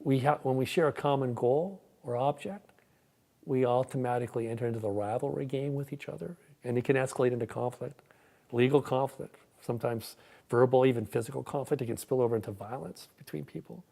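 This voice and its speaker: Gravelly guy preaching, chatty sermon, stumbles and repeats a lot. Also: medium pitch, a little fast, warm tone. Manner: conversational, repeats words when starting sentences. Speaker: pastor. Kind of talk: sermon with a joke.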